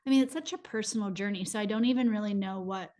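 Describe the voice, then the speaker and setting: A woman's voice: mid-range voice, fast, dark tone. A woman hosting a podcast, responding to her guest in an affirming, reflective way. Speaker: podcast host. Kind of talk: casual interview chat.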